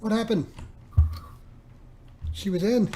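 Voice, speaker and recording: A man's voice: high-pitched, takes it slowly, mellow, slight background noise. A man on a voice call during an online game, helpfully keeping track of who is joining. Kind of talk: casual gaming chat.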